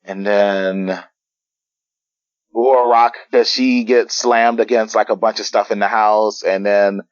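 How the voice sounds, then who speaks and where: A man with a low voice talks through a comic chapter in casual podcast chat. He hesitates and restarts often. The sound is dull and lo-fi, and completely dry. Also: level tone, dry recording. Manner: halting, many fillers and restarts. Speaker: podcast guest.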